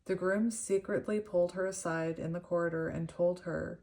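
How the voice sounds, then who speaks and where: A young woman doing a tarot reading, reading card meanings and a story aloud in an earnest, gentle way. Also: lowish voice, steady tone, normal speed, hardly any pauses. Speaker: tarot reader.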